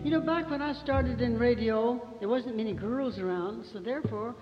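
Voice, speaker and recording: An older country singer from Arkansas chats to the crowd in a high, bright voice, folksy and quick to laugh. She tells her stories live on stage over loud guitar. The recording sounds dull and lo-fi. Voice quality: homespun, laughs as she talks. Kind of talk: folksy onstage storytelling between songs. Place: live stage at an outdoor folk park venue.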